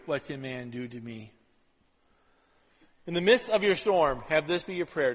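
A pastor delivering a conversational sermon, full of "right?" asides, swinging between loud and hushed. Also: male voice, on the high side, lively intonation, measured pace, long pauses, in a large hall, low-quality recording.

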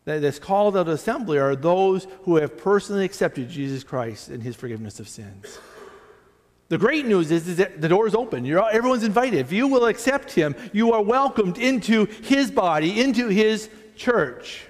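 Here the preacher's voice sits high, with lively intonation and an ordinary pace. Casual and self-deprecating, he keeps restarting and wandering into asides as the church sanctuary stretches his words into a long hall echo.

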